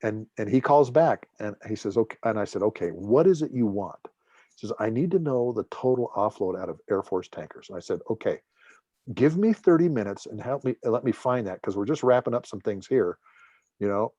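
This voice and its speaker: A middle-aged man with a low voice speaks as a guest lecturer, spinning anecdotes and acting out the voices of the people he quotes. His voice sounds close and dry, with almost no room around it. He keeps a joking, storytelling manner throughout. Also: moderate pace, dry recording, muffled recording. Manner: lively storyteller, acts out dialogue, jokes. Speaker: guest speaker, former air force officer.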